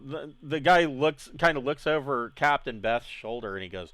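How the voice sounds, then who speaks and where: A man's voice: on the high side, expressive, normal speed, a bit bright, no room sound. A man narrating as game master of a tabletop game, casual and rambling, laughing often.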